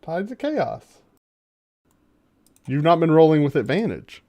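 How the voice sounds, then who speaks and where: Slow, playful game master, a man. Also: on the high side, very animated, warm tone. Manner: playful descriptive storytelling, breaks into laughter. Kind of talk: narrating a tabletop game livestream.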